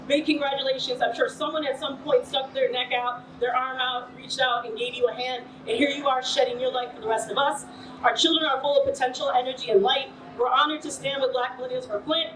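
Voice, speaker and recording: A woman's voice: high-pitched, fairly bright tone, a little hiss or hum. A woman presenting an award at a ceremony, speaking in a heartfelt way. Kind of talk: ceremony speech. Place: event hall. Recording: echoey hall from far off.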